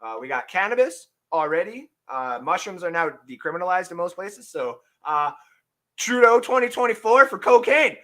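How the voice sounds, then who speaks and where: A man hosting a casual sports podcast, rambling and joking, breaking into shouted bits. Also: high voice, very animated, normal speed. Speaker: podcast host.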